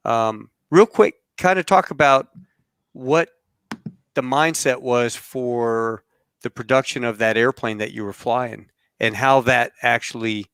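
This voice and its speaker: A middle-aged man hosts a casual podcast, talking at an easy, rambling pace full of fillers and pilot shop talk. His voice is smooth and clear at a middle pitch, with a dry, close sound. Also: dry recording. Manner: relaxed, rambling with fillers and aviation slang. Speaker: podcast host.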